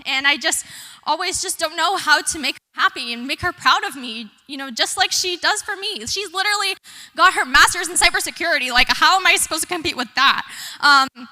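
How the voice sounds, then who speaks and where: A young woman student telling a personal story on stage, tearful and nervous, talking quickly and chattily. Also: sits high, expressive, bright, forceful tone, in a large hall. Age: young adult. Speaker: student speaker. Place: concert hall stage.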